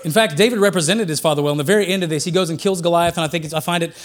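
A man preaching a sermon in a conversational, joking way, getting louder and quicker when he makes a point. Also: on the high side. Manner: conversational and joking, rising excitedly for emphasis.

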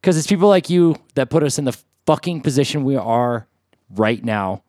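A podcast co-host in casual chat, agreeing loudly and cursing freely. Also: medium pitch, animated, moderate pace, dry recording, studio quality. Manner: profane, joking agreement.

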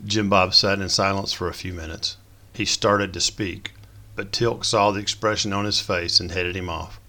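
A man narrating a story in a steady, descriptive way. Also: low-pitched, normal speed. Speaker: audiobook narrator.

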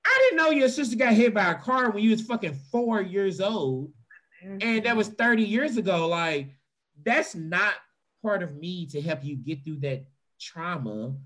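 A man telling a funny, profane story to an audience and mimicking other people's voices. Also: unhurried. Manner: animated, profane, mimics voices in a high pitch. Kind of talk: stand-up storytelling.

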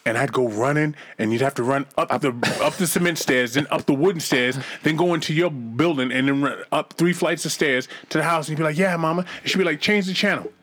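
A middle-aged man in casual chat, telling profane, animated stories and acting out the people in them. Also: a little high, brisk, hardly any pauses, slight background noise.

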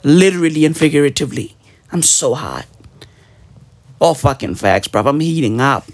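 A man delivering a profane, slang-heavy comedic rant on his weekly show, full of mock outrage and sudden high shouts. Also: normal speed, no echo. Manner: profane, animated, peppered with slang. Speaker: comedy podcaster.

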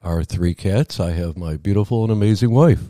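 A man co-hosting a weekend radio show, chatty and excitable, stumbling over his words at times. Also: low voice, normal speed, no room sound, studio quality. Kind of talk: casual radio chat. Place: small home studio. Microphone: studio mic.

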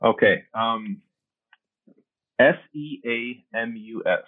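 A man's voice: lowish voice, takes it slowly, breathy edge, no echo. A man from New York City, a guest on a podcast, chatting in an easygoing, good-humored way over a remote call. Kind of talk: casual chat over a call. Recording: dry, tinny call audio.

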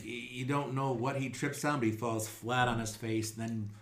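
A man's voice: medium pitch, steady tone, normal speed, fairly bright tone. Casual male game master in an echoey room. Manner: casual, rambling with fillers, laughs often. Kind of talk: narrating a tabletop game.

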